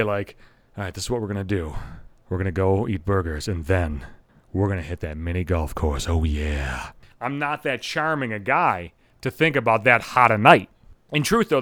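Here a young adult man speaks at medium pitch with a fairly bright, clear, resonant tone, recorded dry in a clean studio. As a podcast host, he rambles through an exasperated, swear-heavy story, a profane storytelling monologue.

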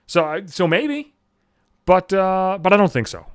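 A man's voice: sits high, sing-song, a little slow, smooth, no echo, clean studio sound. Profane exasperated man telling stories. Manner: profane, exasperated storytelling with quoted voices. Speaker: comedian. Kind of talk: stand-up style comedic monologue.

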